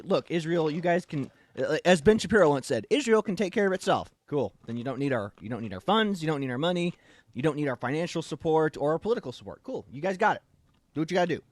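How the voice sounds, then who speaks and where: A man's voice: on the high side, no echo. A man hosting a casual political talk show, speaking emphatically and animatedly, often acting out the voices of the people he quotes. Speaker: show host.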